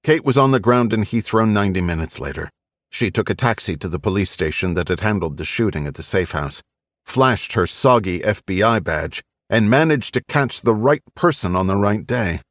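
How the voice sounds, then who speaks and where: A man narrating a thriller audiobook in a brisk storytelling manner on a close mic. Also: on the low side, expressive, no room sound. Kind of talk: scripted narration.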